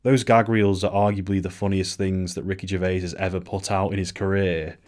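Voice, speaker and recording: A man's voice: low-pitched, level tone, fairly quick, noisy background. A man doing casual film commentary at home, sarcastic and mock-pompous. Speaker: video essayist. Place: home room.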